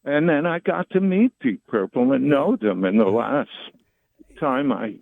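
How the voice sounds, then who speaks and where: A man's voice: medium pitch, expressive, vocal fry. A man in his sixties, a guest musician, telling stories in an easygoing way during a casual interview chat, heard over a video call. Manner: slow, easygoing storytelling. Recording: tinny phone-like call audio.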